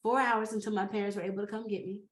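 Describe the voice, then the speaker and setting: Animated woman telling a story in an echoey room. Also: mid-range voice, rapid-fire. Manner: lively, dramatic, laughs often, calls listener "honey". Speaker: podcast guest. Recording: roomy echo.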